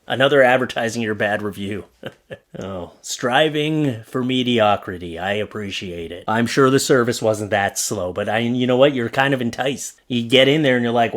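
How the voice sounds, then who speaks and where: A man's voice: mid-range voice, fairly quick, a bit bright. A man in his thirties giving jokey, sarcastic commentary on bad advertising signs, talking straight to viewers. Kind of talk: comedic commentary on funny signs.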